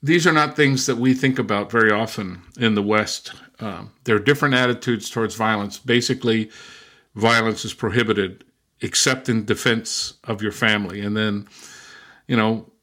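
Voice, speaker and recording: An older man, a linguist and former missionary, telling stories in an interview in a relaxed, rambling way full of restarts and fillers. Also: lowish voice, normal speed. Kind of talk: casual interview storytelling.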